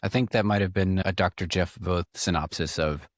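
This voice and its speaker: Measured, low-voiced male guest. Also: no echo, studio quality. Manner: measured, thoughtful, restarts phrases. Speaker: podcast guest. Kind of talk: casual conversation.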